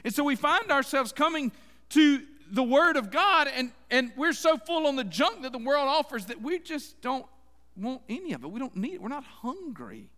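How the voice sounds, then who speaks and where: A man's voice: extremely high pitch, expressive, moderate pace, sharp tone. A man preaching a sermon in a folksy, conversational way, talking straight to his congregation. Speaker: pastor. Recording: long hall reverb.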